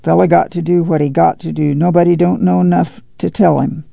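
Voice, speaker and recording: A man voicing a gruff, plain-spoken farm father with curt rural dialect. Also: a little high, flat delivery, fairly quick, mellow, no echo. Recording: dull dry lo-fi studio read.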